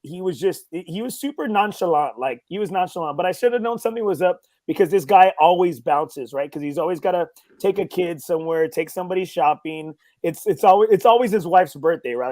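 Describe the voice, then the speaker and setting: Podcast host: Texan man, high-pitched, loud profane banter, dry recording. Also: no echo. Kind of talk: casual chat.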